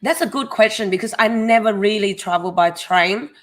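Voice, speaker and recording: A woman's voice: mid-range voice, moderate pace, a bit bright. A woman from Thailand speaks English with a Thai accent. She answers viewers' questions frankly in a casual live chat and teases her husband in a tired, easygoing way. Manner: teasing, candid, tired.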